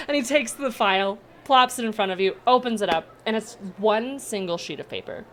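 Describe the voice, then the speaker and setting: A woman's voice: a little high, expressive, a little fast, few pauses, a little hiss or hum. Casual woman narrating a game. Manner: casual, filler-heavy narration. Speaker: game master.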